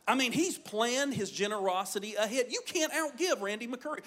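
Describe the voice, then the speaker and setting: High-pitched energetic preacher man. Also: a little fast, hardly any pauses. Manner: energetic, storytelling, acts out quoted voices. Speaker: pastor. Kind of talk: sermon.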